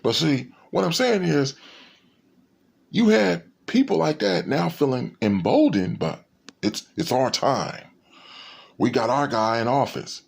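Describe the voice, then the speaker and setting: A man's voice: mid-range voice, lively intonation, a little slow, creaky, slightly rough. A man talking in a rambling, profane monologue, with many fillers and restarts. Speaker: commentator.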